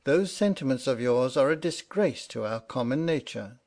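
A man plays a bluff, good-natured sailor who argues his point bluntly. The voice sits at a middling pitch, like a storybook read aloud. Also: expressive, normal speed, a little mellow, lightly acted. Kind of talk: audiobook reading.

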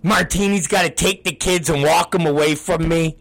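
A middle-aged man, a wrestling promoter, ranting on a talk show, swearing constantly and breaking into shouts. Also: on the high side, steady tone, normal speed, gravelly, hardly any pauses, slight background noise. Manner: profane, ranting, bursts into shouting.

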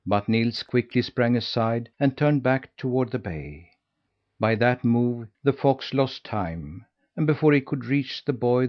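A man reads a storybook aloud in a steady, measured way, his voice in the middle of the male range. The recording sounds dull and lo-fi. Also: mid-range voice. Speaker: audiobook narrator. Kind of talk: scripted storybook narration.

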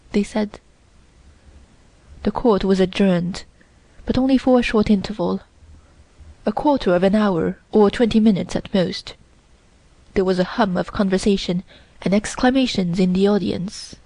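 A woman narrates a classic novel in a measured, even audiobook reading. Her voice sits in a middle register and is recorded close and dry, with no room sound around it. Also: medium pitch, no echo, rough recording.

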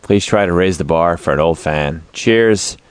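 A man's voice: deep voice, a little slow, smooth, no room sound. A man co-hosting a comedy podcast, bantering casually and reading listener email aloud in a jokey way. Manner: jokey, reads aloud with exaggerated voices. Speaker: podcast co-host.

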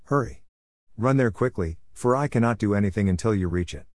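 A man's voice: lowish voice, fairly quick, darkish tone, no echo, studio quality, natural voice. A man reading the urgent commands of stern messengers.

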